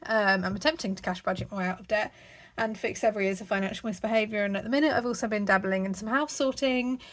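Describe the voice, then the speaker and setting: A woman's voice: mid-range voice, steady tone, fast. A woman hosting her own budgeting vlog from home, talking casually to camera in a rambling way with lots of ums. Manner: chatty, rambling, frequent ums. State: slightly out of breath. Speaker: budgeting channel host. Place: at home, indoors.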